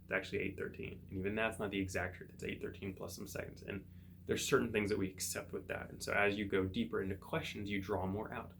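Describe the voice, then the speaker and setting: A man, a psychotherapist hosting his own show, thinking aloud in a relaxed solo monologue with everyday examples. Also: lowish voice, fast, gravelly, a little hiss or hum. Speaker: psychotherapist podcast host.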